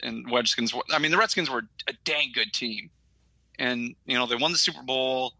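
A man's voice: medium pitch, normal speed, vocal fry, bright, forceful tone, no echo, rough recording. A middle-aged man from Michigan, a podcast co-host, telling a rambling story in casual chat with lots of fillers.

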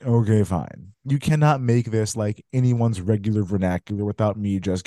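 A man's voice: on the low side, lively intonation, normal speed, hardly any pauses, mellow, no room sound, studio quality. A man hosting a casual movie review chat, blunt and exasperated, who swears freely. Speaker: podcast host.

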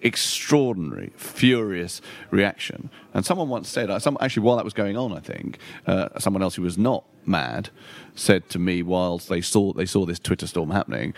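A man's voice: deep voice, lively intonation, normal speed, gravelly, few pauses. A middle-aged man, a comedian and writer talking as an interview guest in a rambling, self-deprecating way and swearing casually. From London.

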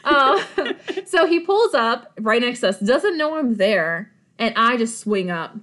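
A woman with a fairly high voice co-hosting a podcast. She tells a personal story casually and dramatically, punching her points with quick asides and often laughing as she talks. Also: big pitch swings, a bit bright. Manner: emphatic, dramatic retelling with frequent asides; laughs while talking. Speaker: podcast co-host.

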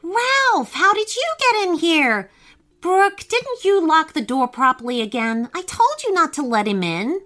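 Woman playing a take-charge big sis, bright lively voice, bossy but kind, music low behind. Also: full character voice. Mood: urgent. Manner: reassuring, brisk and take-charge. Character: confident caring big sister who paints visions. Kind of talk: storybook character voice.

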